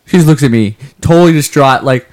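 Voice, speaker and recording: A man's voice: mid-range voice, quick pace, a little mellow. A man on a podcast talking about his kids and running in a rambling, playful way, often restarting sentences. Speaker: podcast co-host. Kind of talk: casual chat.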